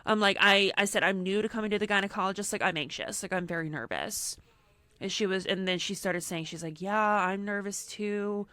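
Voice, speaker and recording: Bright-voiced young woman telling a story. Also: medium pitch, fairly quick, no room sound. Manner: animated storyteller acting out quotes, frequent "like". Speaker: podcast co-host. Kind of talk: casual storytelling chat.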